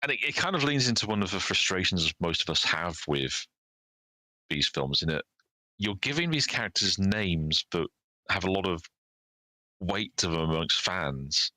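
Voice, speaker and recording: Low, forceful male podcast host. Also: very animated, moderate pace, no room sound, poor audio. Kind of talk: casual podcast chat.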